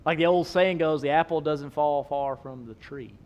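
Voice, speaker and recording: A man, preaching a sermon, swinging between loud emphasis and soft low asides. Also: normal speed, muffled recording. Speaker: pastor.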